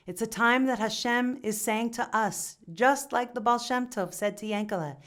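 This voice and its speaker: A woman telling a folk tale aloud, animated and expressive. Her voice sits somewhat high and she lets the telling swell and settle as she goes. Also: normal speed. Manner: animated, lively narration. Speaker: storyteller. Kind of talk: oral storytelling.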